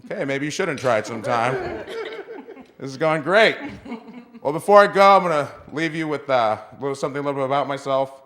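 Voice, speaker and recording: A man's voice: mid-range voice, expressive, a little fast, fairly bright tone. A man doing a stand-up comedy set, trading in self-mocking punchlines before a live audience. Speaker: stand-up comic. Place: small club stage with live audience.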